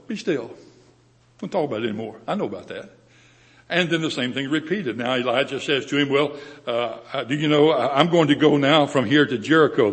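Older male preacher, plain mid-pitched voice, conversational teaching tone, hall reverb. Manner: conversational Bible teaching with paraphrased quotes. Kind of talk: sermon.

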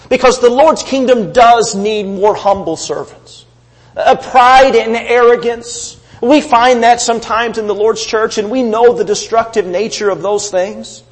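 A man preaching a sermon, rising for emphasis and dropping low at the ends of phrases. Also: unhurried. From United States. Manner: preaching with swelling emphasis and trailing low endings. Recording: long reverb of a large hall.

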